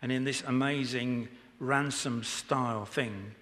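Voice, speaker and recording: A man's voice: medium pitch, fairly even intonation, takes it slowly, a bit bright. A man preaching an informal sermon in church, chatty and joking with the congregation. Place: church hall. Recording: echoey church hall.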